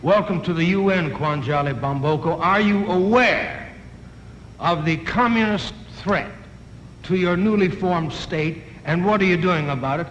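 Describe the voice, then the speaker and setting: A man's voice: high-pitched, animated, unhurried, a bit bright, muffled recording, a little hiss or hum. A man doing a stiff formal news interviewer. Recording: echoey old television broadcast.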